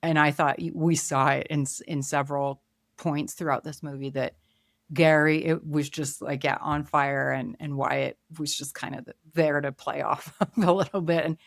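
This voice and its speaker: A woman hosting a film podcast in a chatty, wandering way, voice a touch low. She muses aloud, trails off and picks her thoughts back up. The sound is close and dry. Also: steady tone, moderate pace, vocal fry, no room sound. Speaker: podcast host. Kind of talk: casual film review chat.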